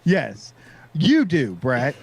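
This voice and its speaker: A man's voice: a little high, huge pitch swings, drawn-out words, creaky, darkish tone, breathy edge, soft background music. A man co-hosting a casual talk show, reading out points and mocking them sarcastically. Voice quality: sarcastic, reads text and mocks it. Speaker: podcast co-host. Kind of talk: casual chat, reading aloud and commenting.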